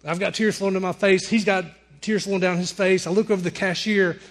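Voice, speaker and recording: A middle-aged man preaching a sermon, telling personal stories and softly quoting the people in them. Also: high voice, steady tone, fairly quick. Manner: storytelling preacher, quotes people in softer voices. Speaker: pastor.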